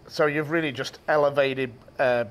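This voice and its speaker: A man's voice: medium pitch, steady tone, normal speed, a bit bright, a little hiss or hum. A man hosting a cooking show as a chef, admiring and effusive. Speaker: chef host.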